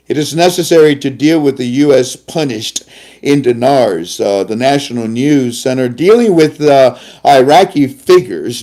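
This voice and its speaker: Animated man telling a story. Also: mid-range voice. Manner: animated storytelling, acts out both sides of conversations. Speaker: host. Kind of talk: casual ranting talk show.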